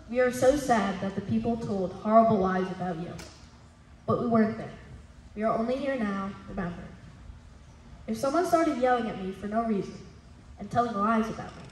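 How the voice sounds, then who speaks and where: A woman's voice: fairly high pitch, a little mellow. A woman reading a reflective prayer aloud at a school religious performance, with an earnest manner. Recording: echoey hall with faint noise.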